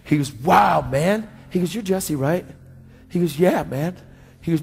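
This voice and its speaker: A man preaching a sermon, telling a story in a slangy, animated way and acting out both sides of the conversation. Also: fairly high pitch, a little slow, gravelly, breathy edge. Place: church sanctuary. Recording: church hall reverb with faint music.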